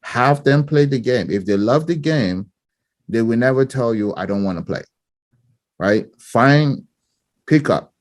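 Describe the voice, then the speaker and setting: A man's voice: medium pitch, a little slow, no room sound. A middle-aged man from Nigeria, a former coach and parent, talking casually in an interview and laughing easily between many fillers.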